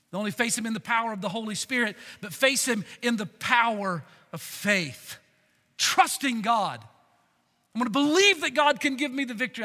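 A male pastor delivers a sermon with a high, ringing, very bright voice. He is emphatic and calls the crowd to shout back. A long hall reverb trails his words. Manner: emphatic, calls for congregation response.

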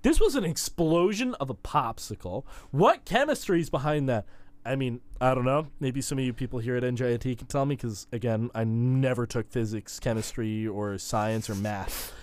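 A young man co-hosting a loose podcast, talking in rambling, joking runs full of "like" and "you know." His voice sits in a middle pitch, and he rushes through his tangents. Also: expressive, darkish tone, dry recording. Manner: rambling, joking, frequent fillers, puts on silly voices. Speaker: podcast co-host. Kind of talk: casual recap chat. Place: college campus.

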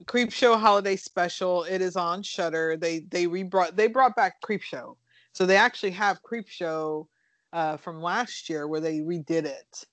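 A woman co-hosting a casual podcast, rambling through movie plots in an animated way, with fillers and the odd swear. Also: fairly low pitch, a little slow, no echo. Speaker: podcast co-host reviewing horror films.

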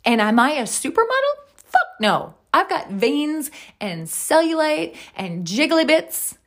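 A woman's voice: high-pitched, very animated, measured pace, a bit bright. A woman in her thirties hosting a podcast as a wellness coach, talking candidly and emphatically about her own life and swearing often. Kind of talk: candid personal monologue.

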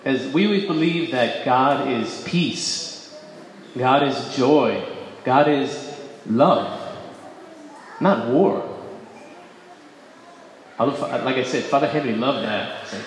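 A man shares his faith testimony with an audience in a large hall where his voice rings out with a long, heavy reverb. He talks in an everyday way at a middle pitch, catching and correcting himself, then pushing hard on key words. Faint room hum sits behind him. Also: unhurried, long pauses. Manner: conversational, self-correcting, bursts of emphasis. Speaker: speaker giving a faith testimony. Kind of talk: personal testimony talk.

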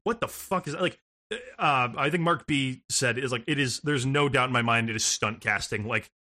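A man's voice: mid-range voice, moderate pace, bright, forceful tone. A man co-hosting a casual gaming podcast, rambling, swearing and laughing as he talks. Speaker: podcast co-host.

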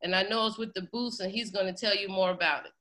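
A woman's voice: medium pitch, steady tone, fast talker, fairly bright tone. A woman hosting a congregation, preaching with fervent, pleading emotion and close to tears. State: near tears. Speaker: congregation host. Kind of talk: impassioned preaching.

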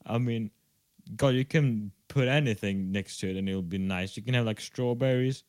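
A man's voice: lowish voice, normal speed, darkish tone, no room sound. A young man co-hosting a podcast over a video call from home, filling time with loose, jokey, rambling chat and casual swearing. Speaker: podcast co-host. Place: home room.

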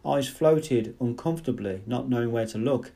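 A man narrating a novel aloud with a mellow, warm tone. His reading is measured and dramatic, and his voice sits at an ordinary male pitch. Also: creaky.

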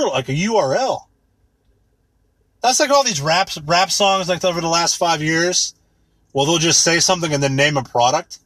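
A man in his thirties rants with sarcasm, swears freely and wanders from point to point. His voice is husky and slightly high, and it swings widely as he mocks. The recording is close and dry. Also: fairly bright tone, no echo. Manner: rambling, sarcastic, swears a lot, mocks with put-on quotes. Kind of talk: profane comedic rant.

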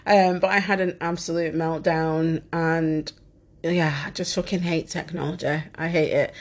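A woman's voice: fairly low pitch, level tone, a little slow, vocal fry. A woman hosting a podcast in a chatty, rambling way, swearing often and poking fun at herself. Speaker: podcast host. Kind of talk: casual chat.

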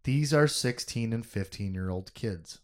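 A man co-hosting a podcast, chatting casually about a novel in an animated, jokey way, thinking out loud with many restarts. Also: mid-range voice, measured pace. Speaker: podcast co-host. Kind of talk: casual book discussion.

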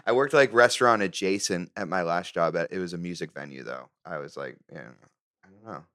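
A man chatting casually as a guest, speaking hesitantly with halting restarts. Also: low voice, fairly bright tone, no echo, clean studio sound. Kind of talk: casual chat.

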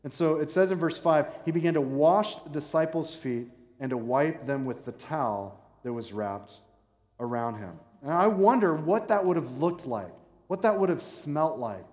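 A man preaching a sermon to a church congregation in a relaxed, conversational way, joking and acting out the people in his story. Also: on the high side. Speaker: pastor. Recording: echoey hall with long reverb.

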